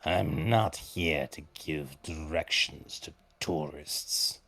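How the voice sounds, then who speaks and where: A man voicing a cold, haggling devil shopkeeper with wings and a tail, speaking low, slow and curt. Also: vocal fry, a bit bright, no room sound, faint music behind, exaggerated voice. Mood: dismissive.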